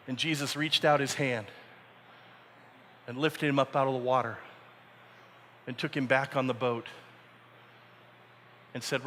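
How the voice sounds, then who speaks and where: A man's voice: medium pitch, fairly even intonation, measured pace, pauses often, a bit bright. Man preaching with dramatic storytelling. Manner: dramatic storytelling, acting out voices. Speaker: camp speaker. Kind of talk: sermon. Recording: echoey hall.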